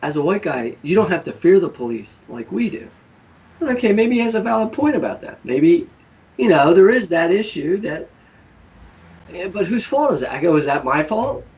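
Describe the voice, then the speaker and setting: Animated man telling stories off-mic. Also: high-pitched, moderate pace, distant mic, poor audio. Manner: animated storytelling, acts out quoted people. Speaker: show host. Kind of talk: casual political chat.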